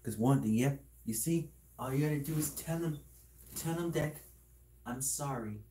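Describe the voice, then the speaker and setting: A video creator talks to the camera in a casual motivational vlog, offering earnest life advice in a rambling, repetitive way with many restarts. His voice is on the high side and warm at a moderate pace, in a roomy space with poor audio.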